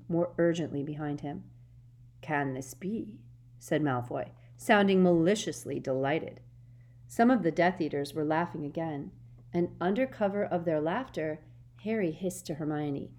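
Woman audiobook narrator, lowish voice, steady and expressive. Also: normal speed.

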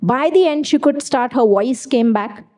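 A woman preaching with a slightly high, mellow voice. She speaks emphatically and repeats key phrases for weight. She often slips personal stories into the sermon. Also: unhurried.

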